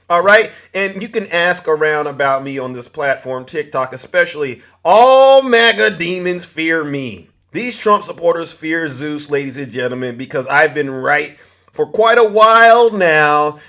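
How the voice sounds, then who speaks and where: A man's voice: high-pitched, fairly bright tone. A man hosting a TikTok livestream, boasting theatrically, laughing often and greeting viewers by name. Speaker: livestream host. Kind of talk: TikTok live commentary.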